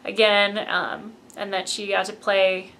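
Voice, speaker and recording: A woman's voice: mid-range voice, flat delivery, unhurried, a bit bright. A woman giving a casual, gushing fan review of a film and acting out lines from it. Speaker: movie reviewer.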